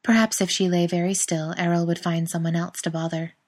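A woman reading a story aloud in a calm, even manner. Her voice sits a little on the low side and stays steady through the narration. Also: a little fast. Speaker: reader.

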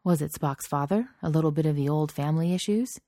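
Woman, story reader, low voice, wry conversational narration, dry close sound. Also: fast, mellow, no room sound. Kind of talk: reading fan fiction aloud.

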